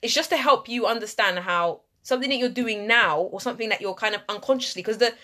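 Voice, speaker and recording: A woman's voice: a little high, fast talker, sharp tone. A woman chatting casually on a podcast, telling a personal story with animation and acting out her own inner voice and other people's remarks.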